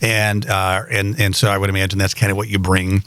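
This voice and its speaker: A man's voice: deep voice, flat delivery, fairly quick, a bit bright, clear, resonant tone. A man hosting a podcast interview, an enthusiastic interviewer who affirms his guest often. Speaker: podcast host. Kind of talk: conversational interview.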